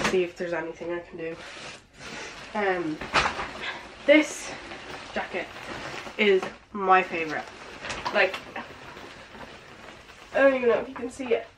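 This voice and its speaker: Young woman, teens, casual haul vlog, short of breath, filler-heavy, background noise. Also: mid-range voice. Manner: chatty, filler-heavy, lots of "like" and "um". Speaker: vlogger. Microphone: camera with ring light.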